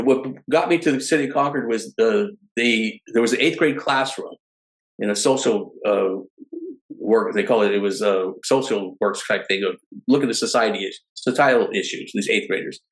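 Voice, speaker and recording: A middle-aged man appears as a podcast guest, telling stories with animation in casual conversation and often restarting his phrases. His mid-range voice moves at normal speed, and the audio is poor.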